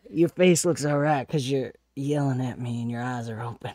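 A man's voice: medium pitch, moderate pace, darkish tone, dry recording, studio quality. Hesitant man coaxing in character. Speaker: player. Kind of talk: in-character tabletop play.

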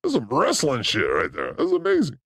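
A man hosting a livestream, reacting to clips with crude, excitable jokes. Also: fairly high pitch, a little fast, gravelly, a little hiss or hum. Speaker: show host reacting to clips. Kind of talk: livestream clip commentary.

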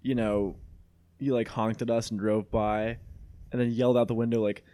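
A young man from Mexico hosts a podcast, telling a story in casual chat with a lowish, mellow voice, a level tone and a moderate pace. He's animated, laughs often and swears freely.

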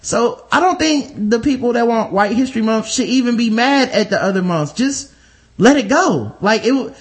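A man's voice: very high voice, lively intonation, moderate pace. A man in casual podcast chat, rambling through comic riffs full of swearing and mock voices.

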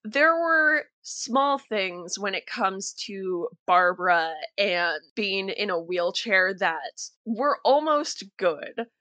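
A woman hosting a podcast in casual chat, emphatic and animated as she tells stories. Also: medium pitch, slow, few pauses, no echo. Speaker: podcast host.

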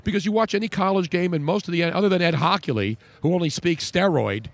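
A man's voice: high voice, a little fast, creaky, dry recording. A man hosting a casual radio talk show, joking and rambling.

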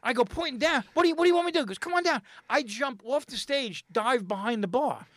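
A middle-aged man telling a comedy-club story in casual chat, animated and rambling, acting out the voices of the people in it. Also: extremely high pitch, fast, no echo. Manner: animated, acts out quotes and voices, rambling restarts.

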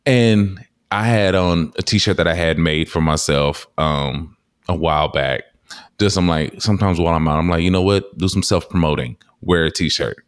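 A man hosting a podcast, chatting casually as a guest and telling stories with lively, high-pitched quotes. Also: normal speed, clear, resonant tone, no room sound, clean studio sound. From Texas. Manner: animated storyteller, acts out quotes in high voices. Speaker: podcast host. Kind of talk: casual interview chat.

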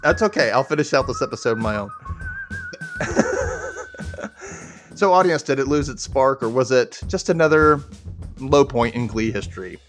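A man hosting a podcast, giving a chatty, joking recap of a TV episode and jumping into high squeals for quotes. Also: expressive, fairly quick, soft background music. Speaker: podcast host.

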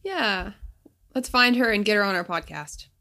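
Woman, thirties, podcast co-host, easygoing and agreeable, quick to laugh. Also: medium pitch, lively intonation, bright, forceful tone. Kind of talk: casual chat.

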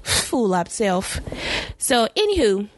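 A woman from Charleston, hosting a podcast and telling a story in casual chat, acting out quotes in high voices and laughing often. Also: big pitch swings, takes it slowly, a little hiss or hum. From Charleston, South Carolina. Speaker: podcast host.

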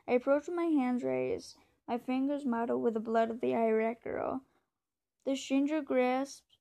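A woman reading a novel aloud in a steady, measured way, now and then stumbling over a word. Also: on the high side. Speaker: reader.

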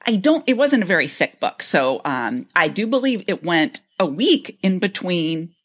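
A woman in her fifties co-hosting a podcast, reminiscing in a relaxed, reflective way. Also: on the low side, normal speed. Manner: reflective, relaxed recollection with fillers. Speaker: podcast co-host. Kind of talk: casual chat.

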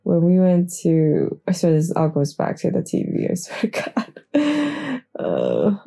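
A woman's voice: on the low side, wildly swooping pitch, unhurried, gravelly, mellow, breathy edge. A young woman rambling casually on an early morning, chatty and giggly, a little groggy, swearing freely. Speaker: podcast host. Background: faint background music.

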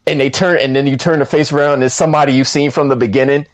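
A man co-hosting a podcast, chatting casually about a film with slang and quick quoted asides. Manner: animated, swoops up high when quoting himself, slangy. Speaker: podcast co-host reviewing a film. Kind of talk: casual chat.

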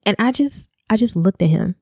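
A young adult woman, a podcast co-host, giving a raw, halting confessional monologue and swearing freely. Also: mid-range voice, animated, creaky, darkish tone, breathy edge, no echo, studio quality.

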